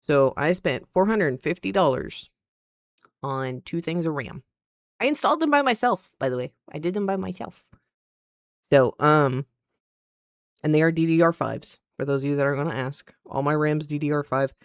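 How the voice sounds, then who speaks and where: A woman streamer chatting casually at her PC, telling a story in an animated way and acting out the other people's lines. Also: low voice, moderate pace, no echo, clean studio sound. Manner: animated, acts out quoted dialogue. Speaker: streamer and content creator.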